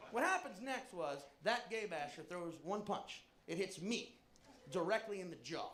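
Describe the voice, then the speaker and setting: Animated high-voiced male comedian. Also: moderate pace, some chatter behind. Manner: animated, crude, swings to shouting for punchlines. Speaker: stand-up comedian. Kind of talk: stand-up storytelling. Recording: echoey room, faint background noise.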